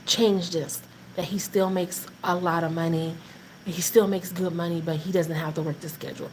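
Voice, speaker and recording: A woman's voice: on the low side, moderate pace, slight background noise, rough recording. A woman hosting a live faith talk, mixing casual encouragement with funny family stories. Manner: animated, laughing, preachy encouragement in Southern Black vernacular. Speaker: host of a faith talk stream.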